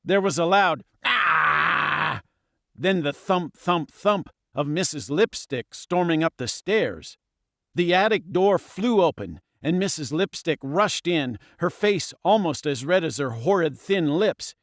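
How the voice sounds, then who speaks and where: Expressive male audiobook narrator. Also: a little high, measured pace, no echo, studio quality. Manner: expressive, dramatic. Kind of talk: scripted storybook narration.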